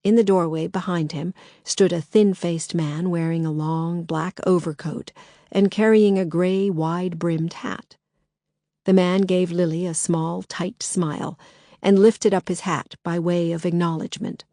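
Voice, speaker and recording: A woman narrating a novel as an audiobook, steady and measured. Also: on the low side, no room sound, clean studio sound. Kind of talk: scripted narration.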